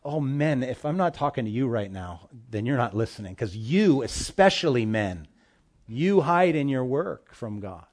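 A male pastor preaching a sermon, addressing the congregation directly with emphatic swings between loud and soft. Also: medium pitch, lively intonation, moderate pace.

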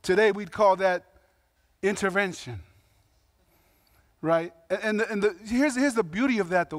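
High-voiced man preaching, dry close sound. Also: moderate pace, long pauses, no echo. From Samoan heritage. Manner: conversational, emphatic preaching with slangy asides and acted quotes. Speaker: pastor. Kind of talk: sermon.

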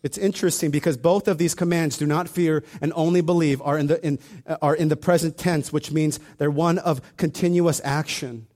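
A man preaching a sermon in a conversational, animated way, acting out little asides as he retells the story. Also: on the high side, brisk, few pauses.

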